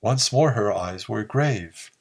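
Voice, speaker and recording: A man narrating a pulp story in a slow, measured reading. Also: fairly low pitch, expressive, vocal fry. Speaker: audiobook narrator.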